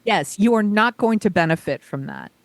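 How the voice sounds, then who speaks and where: A woman's voice: medium pitch, wildly swooping pitch, brisk, creaky, no echo. A woman co-hosting a podcast in casual chat, blunt and emphatic, swearing freely. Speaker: podcast co-host.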